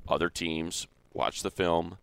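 A man's voice: low-pitched, slow, clear, resonant tone, no echo. A man co-hosting a sports show, arguing points emphatically in casual debate. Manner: emphatic, animated, repeats words when heated.

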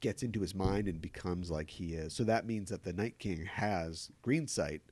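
A man co-hosting a casual podcast chat, joking around and leaping up in pitch for emphasis. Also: moderate pace, no echo. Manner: animated, joking, pitch swings upward for emphasis. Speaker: podcast co-host.

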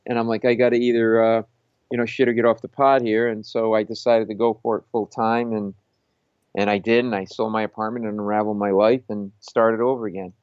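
A man, a comedian, telling an animated anecdote in conversation, acting out the people he quotes and laughing as he goes. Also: lowish voice, brisk, clean tone, no room sound, highs cut off. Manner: acts out quoted voices, laughs mid-story. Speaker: stand-up comedian guest.

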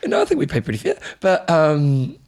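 A man's voice: on the high side, huge pitch swings, normal speed, creaky, darkish tone. A man co-hosting a podcast in rambling casual chat, laughing often. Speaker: podcast co-host.

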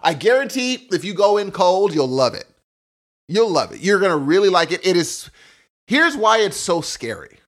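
A man co-hosting a podcast in casual chat, animated and prone to sudden high exclamations. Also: moderate pace. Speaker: podcast co-host.

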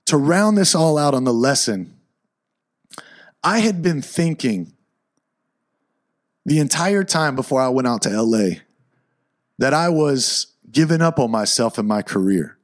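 A man telling a personal story in a casual, animated way, dropping into low asides and rising into excited bursts. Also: a little slow, pauses often.

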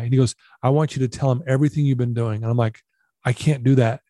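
Man, podcast guest, earnest, confessional, mellow dark tone, dry sound. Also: medium pitch, fairly even intonation, fast talker, no echo. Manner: earnest, confessional, acts out quoted dialogue. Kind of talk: storytelling interview.

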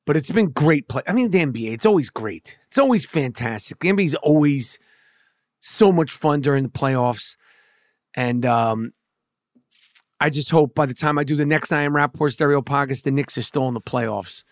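A man with a New York accent hosts a podcast, his slightly high voice at normal speed as he rants heatedly in a casual monologue. Profanity and stammered restarts are frequent, and the studio-quality recording has no echo.

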